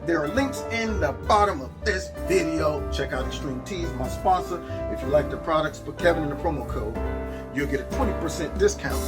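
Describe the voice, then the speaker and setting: A man hosting his own show, reacting to clips in a lively, mocking, slangy way. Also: a little high, brisk, over loud music. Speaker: show host. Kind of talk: reaction commentary on video clips.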